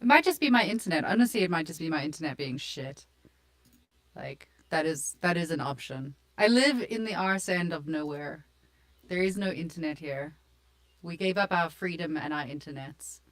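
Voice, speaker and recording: A woman's voice: deep voice, expressive, moderate pace. A woman with a South African accent, co-hosting a live stream in a casual, joking, self-mocking way. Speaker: co-host of a live portfolio review stream. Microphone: desk mic on a live stream.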